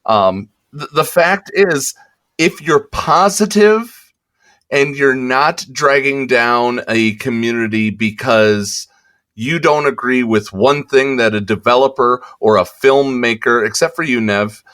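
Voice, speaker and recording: A man hosting a podcast, making a rambling, halting announcement in casual chat. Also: mid-range voice, fairly bright tone. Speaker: podcast host.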